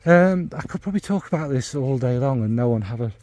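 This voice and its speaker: A fast-talking man from Northern England, with an animated, mid-range, slightly mellow voice, gives a casual fragrance review. He meanders as he searches for descriptive words, speaking bluntly and swearing now and then.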